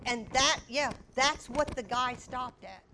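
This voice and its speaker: A woman preaching a sermon, telling a personal story with animated storytelling and acting out shouts and quotes. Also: high-pitched, slow pace, noisy background.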